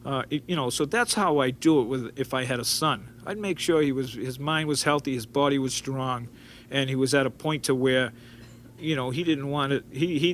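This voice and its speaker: A man's voice: medium pitch, slight background noise. A man, telling rambling stories in an interview and acting out quotes as he goes. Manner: rambling and animated, with frequent restarts and acted-out quotes. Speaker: interview guest. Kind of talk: storytelling interview.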